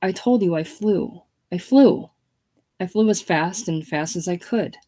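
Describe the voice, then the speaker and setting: A woman's voice: on the low side, measured pace, mellow. A woman reading the part of a faded, aging female film star, breathless and theatrical. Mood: gushing. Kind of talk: casual play reading.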